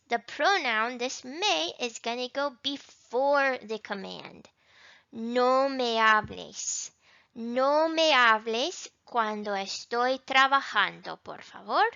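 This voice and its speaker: Lively, high-voiced woman teaching slowly. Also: gravelly, smooth, no room sound, highs cut off. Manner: slow, careful modeling of Spanish words. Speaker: Spanish teacher. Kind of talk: introductory language lesson.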